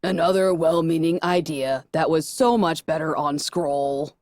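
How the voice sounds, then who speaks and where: Robot orb voice, calm and lecturing, lower and slower than the reader, as a woman narrator puts it on; dry, close sound. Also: no echo. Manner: calm, lecturing, slightly hesitant. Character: disembodied voice speaking through a flying robot orb.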